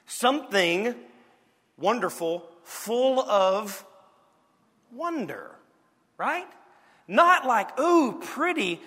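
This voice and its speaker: Bright-voiced Southern preacher in a hall. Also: male voice, high voice, husky. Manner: lively, playful preaching with sudden drops to quiet. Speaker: pastor. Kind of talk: sermon.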